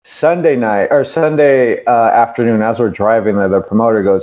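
A man from California tells a wrestling story in a casual, swearing, rambling way, slipping into the voices of the people he quotes. His pitch sits in the middle range. The recording sounds dull and lo-fi. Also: moderate pace, few pauses. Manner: profane, rambling, acts out quotes. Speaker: podcast guest, pro wrestler.

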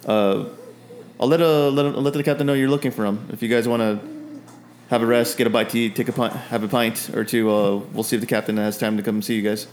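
A man's voice: mid-range voice, steady tone, fast talker, darkish tone, a little hiss or hum, lightly acted. A man voicing a friendly male town guard who rambles and hesitates with many fillers. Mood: helpful.

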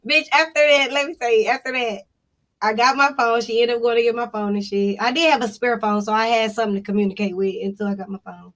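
High, bright-voiced woman telling a story. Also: fast talker. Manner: profane, animated storytelling with laughs. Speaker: podcast co-host. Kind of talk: casual storytelling chat.

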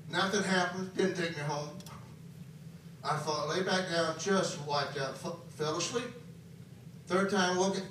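A man preaching a sermon, swinging between soft and loud and repeating phrases for emphasis. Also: a little high, steady tone, measured pace, a little hiss or hum. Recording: very echoey hall, voice from far off.

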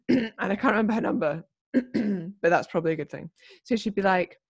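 Animated young woman chatting. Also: medium pitch, slightly rough. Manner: chatty, animated, quick to laugh. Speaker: podcast co-host. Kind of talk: casual chat.

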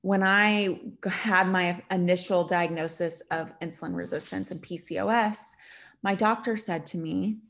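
A woman's voice: lowish voice, steady tone, moderate pace, fairly bright tone. A woman hosting her own podcast, talking candidly in a rambling, conversational way and retelling what people said to her. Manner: candid and rambling, with many fillers and retold dialogue. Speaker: podcast host. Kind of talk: casual confessional chat.

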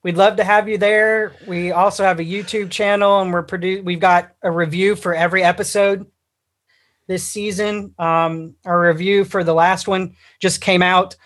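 A man's voice: high voice, little pitch movement, normal speed, a bit bright. A man talking as a guest on a casual livestream chat, rambling with lots of fillers and restarts. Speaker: guest on a fan podcast.

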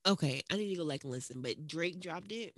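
A woman co-hosting a podcast chats in a teasing, rambling way. Her pitch swoops all over. Her tone is bright and sharp, and the sound is dry and close. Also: quick pace, dry recording. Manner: animated, rambling, teasing, profane. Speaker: podcast co-host. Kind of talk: casual chat. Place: at home in another city from her co-host.

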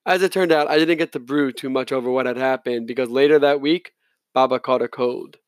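A man's voice: medium pitch, steady tone, brisk, no echo, clean studio sound. A man narrating a novel in the first person, reading plainly with the odd slip and restart. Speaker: audiobook reader.

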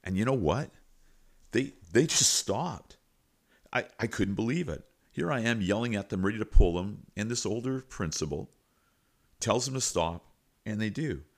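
Deep-voiced man telling a school story. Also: moderate pace. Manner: animated, folksy retelling with repeated asides. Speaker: podcast host and teacher. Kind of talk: storytelling anecdote.

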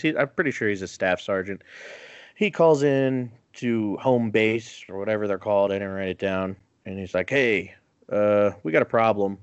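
A man's voice: lowish voice, no room sound. A man casually recapping a film with crude jokes, laughing often and acting out the characters' lines. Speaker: podcast host recapping a film. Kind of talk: casual comedic movie recap.

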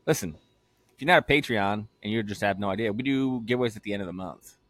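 A man's voice: on the low side, quick pace, fairly bright tone. A young man co-hosting a casual podcast, loose, joking and swearing freely. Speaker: podcast co-host.

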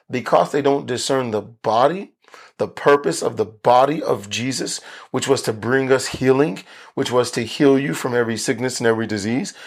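A man's voice: medium pitch, vocal fry. A man pastor teaching a Bible study for video, earnest and emphatic, repeating key phrases for stress.

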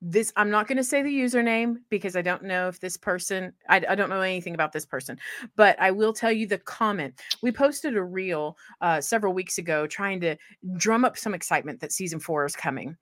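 A woman's voice: mid-range voice, fairly quick, a bit bright, no room sound, studio quality. A woman co-hosting a podcast, a mother chatting casually and laughing often. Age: adult, mother of older kids. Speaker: podcast co-host. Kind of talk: casual chat.

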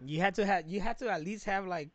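A man co-hosting a casual chat, telling a story in an animated, profane way with lots of laughter. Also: high-pitched, quick pace, dry recording.

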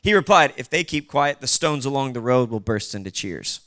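A man's voice: medium pitch, lively intonation, normal speed, fairly bright tone. A male pastor preaching casually, with conversational asides to the congregation. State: short on sleep. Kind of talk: sermon.

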